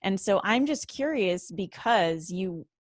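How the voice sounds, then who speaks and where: A young adult woman hosting an interview, asking thoughtful, measured questions. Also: medium pitch, expressive, no room sound, clean studio sound. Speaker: host.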